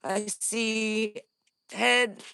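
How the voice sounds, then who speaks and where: A woman vlogging from the woods on her phone, scared and breathing heavily, often dropping to a hushed whisper. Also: fairly high pitch, steady tone, extremely slow, creaky, clear, resonant tone. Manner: jittery, drops into hushed whispers. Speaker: paranormal vlogger. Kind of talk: live outdoor investigation vlog. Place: woods outdoors.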